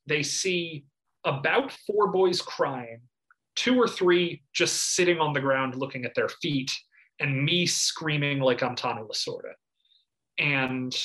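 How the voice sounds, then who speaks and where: A man in his thirties co-hosting a casual sports podcast, telling stories with lively shouted impressions. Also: fairly high pitch. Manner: animated storyteller, bursts into shouted impressions. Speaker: podcast co-host. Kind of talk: casual chat.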